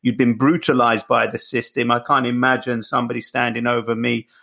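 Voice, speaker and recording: A man interviewing a guest, asking probing, measured questions. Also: mid-range voice, little pitch movement, vocal fry, sharp tone.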